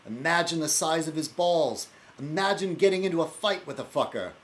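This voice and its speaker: A man's voice: fairly high pitch, expressive, brisk, voice pushed up, close to an everyday voice. A man doing a ranting theatrical Englishman. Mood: scornful. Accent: English (put on, rough).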